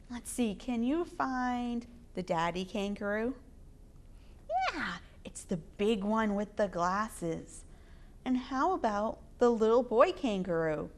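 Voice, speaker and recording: A woman hosting storytime, reading picture books aloud to children in an expressive, sing-song way. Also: fairly high pitch, slow pace. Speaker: storytime reader.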